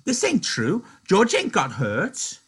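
A man voicing a huge, simple-minded farmhand who stammers and pleads in a high voice. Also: huge pitch swings, takes it slowly, fairly bright tone, slightly rough, full character voice. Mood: upset. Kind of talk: reading a novel aloud in a lesson.

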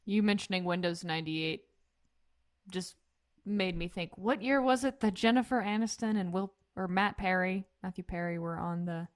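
A woman hosting a casual podcast, upbeat and quick to laugh. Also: lowish voice. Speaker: podcast host.

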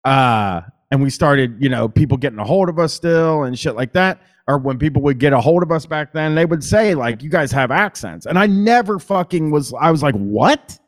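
A man's voice: a little high, animated, fairly quick, hardly any pauses. Loose-talking Midwestern man hosting calls. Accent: Midwestern American. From Columbus, Ohio. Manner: loose, swearing, rambling with fillers. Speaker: call-in show host. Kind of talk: casual call-in chat.

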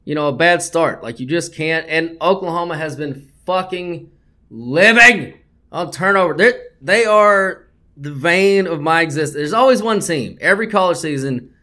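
A man's voice: a little high, lively intonation, moderate pace, pushed and bright. A man hosting a sports betting podcast, talking bluntly and swearing a lot as he gets worked up. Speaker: podcast host.

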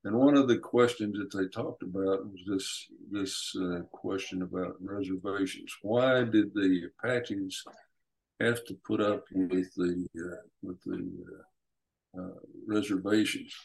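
A man speaking as an author guest, slow and hesitant, pausing often and repeating himself. His voice is fairly low. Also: gravelly, rough recording. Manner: hesitant, many fillers.

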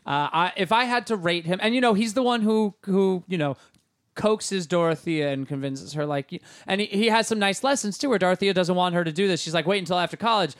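A man's voice: high-pitched, brisk, no room sound, clean studio sound. A man co-hosting a casual movie podcast, playful and leading the segments. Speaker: podcast co-host. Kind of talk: casual chat.

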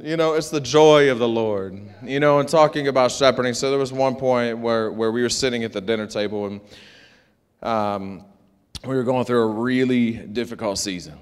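A man preaching a sermon, animated and joking, with call-and-response asides to his congregation. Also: medium pitch, moderate pace, smooth. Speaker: pastor. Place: church sanctuary. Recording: long hall reverb.

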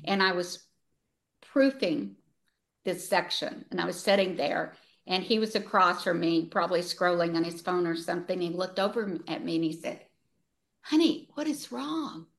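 A woman's voice: fairly low pitch, fairly even intonation, normal speed, fairly bright tone. An older woman, a retired author, reading her own novel aloud with earnest feeling and laughing easily as she chats.

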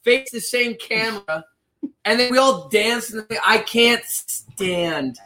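A man's voice: high-pitched, takes it slowly, bright, forceful tone. A man co-hosting a podcast, talking bluntly in casual banter, laughing and swearing often. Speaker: podcast co-host.

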